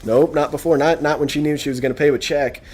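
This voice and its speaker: Young man, casual vlog rant, exasperated, sarcastic, rambling, slightly high voice. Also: fairly even intonation, fast, a little mellow. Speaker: vlogger.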